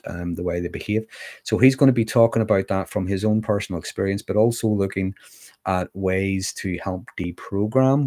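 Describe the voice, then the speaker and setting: A man hosting a livestream, calmly explaining ideas in a relaxed, casual way with frequent ums. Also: low voice. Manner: calm, explanatory, with frequent fillers. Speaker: livestream host on mental health.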